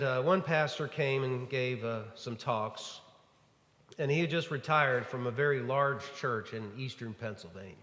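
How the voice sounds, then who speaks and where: A man's voice: medium pitch, fairly bright tone. Male pastor, easygoing storytelling sermon, recorded in a reverberant sanctuary. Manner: storytelling, conversational with frequent fillers. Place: church sanctuary. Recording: echoey church hall.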